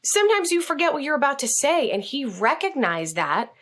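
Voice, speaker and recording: Animated higher-voiced woman storyteller. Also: a little fast. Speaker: guest, communication coach. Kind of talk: storytelling in a podcast interview.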